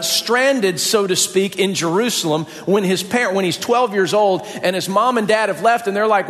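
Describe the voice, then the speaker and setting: A man from the US South preaching a sermon as pastor, folksy and lively, joking about his own mother. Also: sits high. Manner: animated, folksy, jokes about his mom with playful impressions. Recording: long hall reverb.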